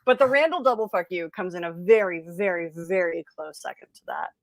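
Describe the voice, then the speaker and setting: Woman, livestream host, casual chat, blunt, animated, laughs a lot, dry close sound. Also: lowish voice, a little fast, no echo. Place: home, on a livestream.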